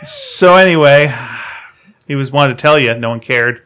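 A man with a bright, forceful voice co-hosts a casual podcast. He recaps a film in a rambling, sarcastic style, full of mocking asides. His pitch sits in an ordinary middle range. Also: fairly even intonation, quick pace, smooth, faint music behind. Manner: sarcastic, rambling storytelling with mock quotes. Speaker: podcast co-host.

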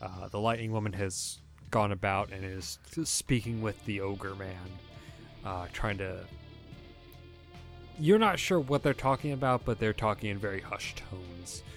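A man narrating as game master of a tabletop game, relaxed and halting with frequent fillers. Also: on the low side, faint music behind.

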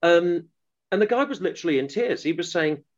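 A man's voice: fairly high pitch, animated, a little fast, highs cut off. A man being interviewed as an author, telling a long story earnestly, with restarts and fillers. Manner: earnest, rambling with restarts and acted quotes. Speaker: author guest.

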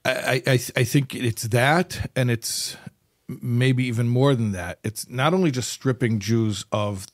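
A man interviewing a guest, explaining points in a measured, thoughtful way. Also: medium pitch. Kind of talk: conversational interview.

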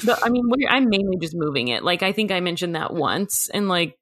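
Woman, 30s, podcast co-host; bright, lively pitch, dry close mic, chatty and quick to laugh. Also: no echo. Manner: chatty, laughs often, quotes her kids. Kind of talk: casual chat.

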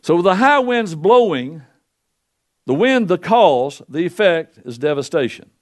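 An older man delivers a sermon into a pulpit microphone. His voice sits a little high, and his folksy, storytelling manner swings from loud declarations to low, quiet asides. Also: big pitch swings, unhurried. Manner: folksy preaching with wide swings in pitch and loudness. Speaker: pastor.

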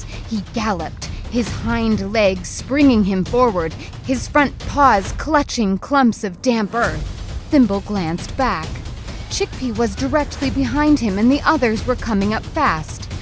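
Slow, dramatic woman storyteller. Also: on the high side. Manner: slow, dramatic, suspenseful reading. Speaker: narrator. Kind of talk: storybook narration.

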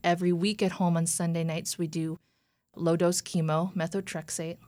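Woman in her thirties, low voice, dry close sound, earnest storytelling, quotes others. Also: little pitch movement, normal speed, dark tone, no room sound. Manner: earnest, retelling with quoted dialogue. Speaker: guest. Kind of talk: personal story in an interview.

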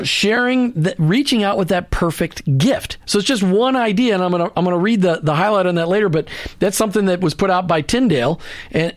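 A man with a high-pitched voice hosts a Christian radio talk show, speaking earnestly and preachily into a studio microphone, with many restarts and asides. There is no room sound.

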